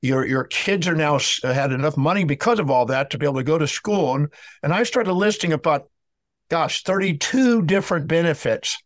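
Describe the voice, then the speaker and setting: A man's voice: on the high side, expressive, brisk, dry recording. A man telling a story in an interview, lecturing emphatically and acting out both sides of a dialogue. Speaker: speaker on emotional healing.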